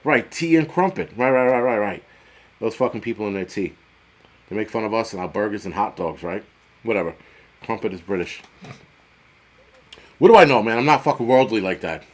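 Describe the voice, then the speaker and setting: Profane, rambling man hosting a livestream. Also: medium pitch. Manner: profane, rambling, jokey, quick swings in loudness. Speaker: livestream host. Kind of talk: casual livestream chat reading viewer comments.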